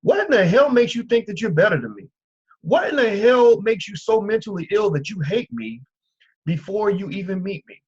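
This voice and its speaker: A comedian on stage yelling and taunting a heckler with heavy profanity. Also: male voice, high voice, animated, moderate pace, husky, muffled recording. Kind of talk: onstage confrontation with a heckler. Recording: distant club audio played from a clip.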